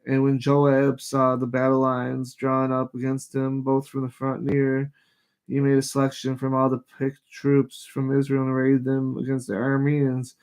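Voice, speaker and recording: A man of middle pitch reads scripture aloud at a live show. He stumbles over names, restarts phrases and breaks in with frank, irritated asides before going back to the text. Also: completely flat delivery, a little mellow, clean tone. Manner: reads passages aloud haltingly, stops to comment. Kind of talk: casual Bible reading and commentary.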